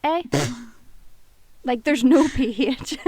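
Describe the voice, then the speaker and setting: A Northern Irish woman in her twenties, co-hosting a podcast in expressive casual chat, swearing freely. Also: high-pitched, very slow, crowd noise. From Northern Ireland. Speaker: podcast co-host.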